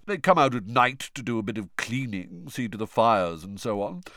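A man's voice: on the low side, expressive, normal speed, a bit bright, no echo, clean studio sound. A man reading an audiobook voicing a fussy, genteel old male ghost, with a prim, chatty manner. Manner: prim and chatty, full of gossip.

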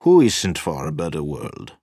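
A man reading an audiobook, voicing a weary, cynical man who speaks flatly and remotely. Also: extremely low pitch, unhurried, husky, no echo, clean studio sound, heavily acted. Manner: tired, flat and remote.

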